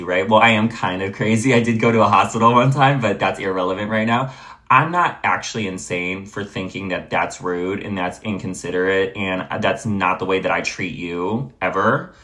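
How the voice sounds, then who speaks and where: Exasperated young man venting, bright-toned. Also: on the low side. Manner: exasperated venting, blunt, swears freely. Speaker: vlogger. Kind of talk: storytime vlog rant.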